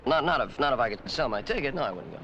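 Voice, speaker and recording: A man's voice: mid-range voice, lively intonation, racing, fairly bright tone, muffled recording, a little hiss or hum, lightly acted. An actor playing a sly young rancher who teases his older brother, laughing often. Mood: teasing.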